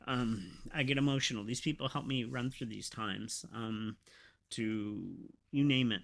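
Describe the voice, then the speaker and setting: A man hosting a podcast, talking in a rambling, emotional, halting way with many fillers. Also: mid-range voice, creaky, a bit bright. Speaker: podcast host. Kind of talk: casual confessional podcast talk.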